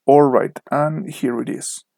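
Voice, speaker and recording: A man with a Mexican Spanish accent talks through an online English lesson, slowly and deliberately. His voice sits a bit high, and the recording is close and dry with no room sound. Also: steady tone, gravelly, darkish tone, no echo. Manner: slow, deliberate, spells out word pairs with careful stress. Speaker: English teacher. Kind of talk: online lesson narration over slides.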